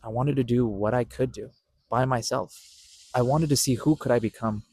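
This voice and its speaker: A man's voice: mid-range voice, fairly even intonation, normal speed, darkish tone, dry recording. A young man hosting a podcast, earnestly telling a personal story, repeating himself and stopping to correct his own words. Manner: earnest, repetitive, with self-corrections. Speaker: podcast host.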